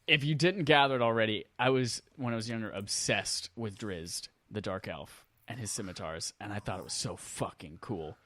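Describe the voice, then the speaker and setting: A man co-hosting a gaming podcast, talking excitedly and swearing as he gushes about games. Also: fairly low pitch, no room sound. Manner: fast, excitable gamer talk with swearing. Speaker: podcast co-host. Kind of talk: casual chat.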